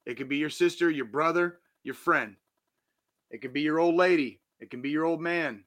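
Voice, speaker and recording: This podcast host, a man in his forties, speaks at a normal speed in a voice that's a little high and fairly bright. His casual motivational monologue is a blunt pep talk, heavy on profanity yet genuinely earnest.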